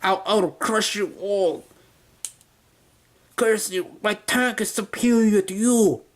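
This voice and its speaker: A man voicing a ranting male cartoon robot tank commander in a slow, halting mock German accent. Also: high voice, slight background noise, pitched above the performer's own voice. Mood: furious ranting.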